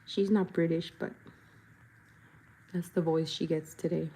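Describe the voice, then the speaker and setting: A woman's voice: low voice, fairly even intonation, a little slow, mellow, slightly rough. A young woman chatting playfully while she paints, reading comments and breaking into silly voices and jingles. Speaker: body painter and vlogger. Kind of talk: casual chat while painting.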